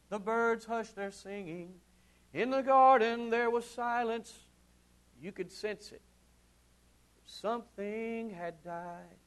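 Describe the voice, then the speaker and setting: A man preaching a sermon, swinging from loud ringing calls to hushed low murmurs, with drawn-out emphatic repetition. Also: clean tone. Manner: slow, drawn-out emphatic delivery with repeated phrases.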